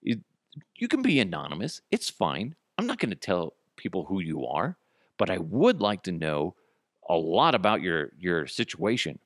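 Animated, profane comedic podcast host. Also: male voice, deep voice, normal speed, no room sound, studio quality. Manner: profane, sarcastic, acts out both sides of a dialogue. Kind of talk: comedic solo podcast rant.

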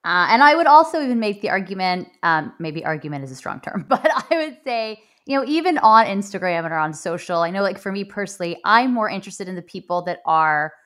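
A woman's voice: mid-range voice, lively intonation, brisk, few pauses, a bit bright. A woman hosting an interview, curious and affirming, hedging her points as she thinks aloud. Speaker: interview host. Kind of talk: interview questions and chat.

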